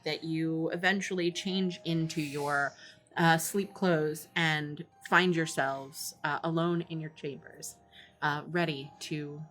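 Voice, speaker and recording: A woman narrating a tabletop game as game master, unhurried and full of ums. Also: sits low, bright, forceful tone.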